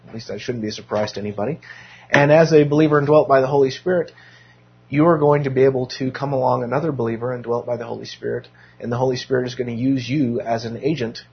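A man with a very rough, hoarse voice leads a casual Bible class. He talks in an easygoing way, with wry asides and many restarts. The recording sounds dull and lo-fi. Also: medium pitch. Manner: self-deprecating, joking asides, many restarts.

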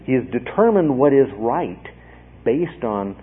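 A man's voice: medium pitch, very animated, measured pace, husky. A man giving a Bible study lecture, explaining patiently and checking in often with his listeners. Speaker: Bible teacher. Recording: phone-like narrow band.

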